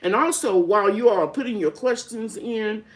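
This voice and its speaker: A woman's voice: medium pitch, moderate pace, background noise. An older woman hosting a live-stream gardening Q&A, chatty and folksy, greeting viewers by name as she rambles through explanations. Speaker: gardening channel host.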